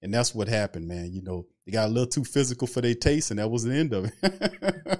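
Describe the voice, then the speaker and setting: A man's voice: mid-range voice, a little mellow. A man hosting a casual sports talk livestream, loose and chatty, greeting viewers in the chat by name. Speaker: sports talk show host.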